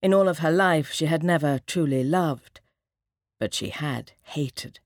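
A measured woman with a low-pitched voice narrates a scripted audiobook. The recording is studio quality with no room sound.

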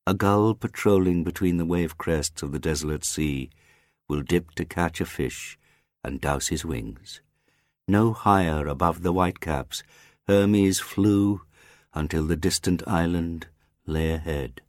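A man with a very low voice reads a literary audiobook, slow and grave, letting each phrase land. The recording is close and dry, with no room sound. His delivery stays measured and serious throughout. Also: no echo. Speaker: audiobook narrator.

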